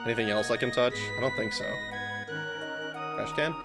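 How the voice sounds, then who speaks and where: A man's voice: mid-range voice, moderate pace, over loud music. A man streaming a video game who talks casually, swears often and laughs a lot. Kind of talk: let's play commentary.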